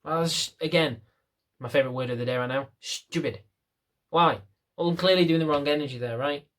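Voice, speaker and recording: A man's voice: fairly high pitch, a little fast, fairly bright tone. A young man, a dog trainer, talking casually to camera in a blunt, rambling, self-mocking way.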